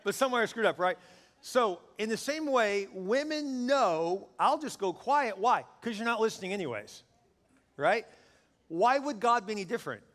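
A man preaching a sermon to a congregation, lively and joking, building to loud peaks. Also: high-pitched. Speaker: pastor. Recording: long hall reverb.

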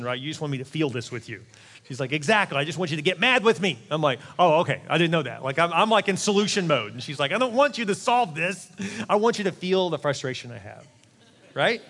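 A middle-aged male pastor with a slightly high voice preaches an animated, conversational sermon with quick asides. He's in a large church auditorium, and the recording carries a long hall reverb.

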